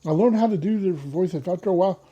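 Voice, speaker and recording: A man's voice: high-pitched, fast, dark tone, husky, lo-fi sound. A man hosting his own podcast in casual solo talk, rambling and often losing his train of thought. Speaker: podcast host.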